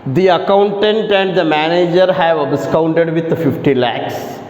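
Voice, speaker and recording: A man's voice: fairly high pitch, unhurried, a little mellow. A man with an Indian English accent, teaching grammar in a lecture and repeating key phrases for emphasis. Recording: echoey room, muffled lo-fi audio.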